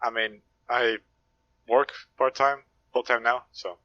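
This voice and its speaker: Brief: young male guest, very bright voice, dry close sound, deadpan jokes. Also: medium pitch, dry recording, muffled recording. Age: young adult. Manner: quick, dry wit. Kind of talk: casual chat. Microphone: call.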